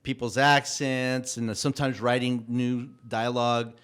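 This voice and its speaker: A man of Mexican heritage, a guest on a casual podcast interview, telling stories in a halting way with many restarts. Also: mid-range voice, level tone, fairly bright tone, clear, resonant tone. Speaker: guest, cultural consultant for an animated show.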